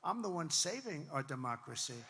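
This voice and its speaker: A man giving a campaign rally speech to supporters, emphatic and repetitive, wandering into asides and breaking into shouts. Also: on the high side, very animated, moderate pace, gravelly, heavy background noise. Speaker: political candidate addressing supporters. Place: large rally venue with crowd. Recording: long reverb from a rally venue.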